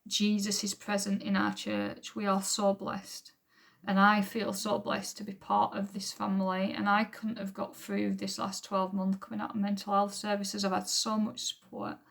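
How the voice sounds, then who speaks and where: Woman, church testimony to camera, gravelly, monotone, earnest and rambling. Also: medium pitch. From England. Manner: earnest, rambling, with frequent ums. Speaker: church member giving testimony. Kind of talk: unrehearsed personal testimony to camera. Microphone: camera recording at home.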